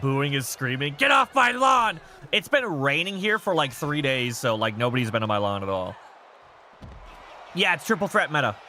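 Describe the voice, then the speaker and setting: A man streaming a wrestling game, chatting casually with viewers, rambling and reading chat aloud, with loud bursts as he reacts to the match. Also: medium pitch, animated, moderate pace, slight background noise.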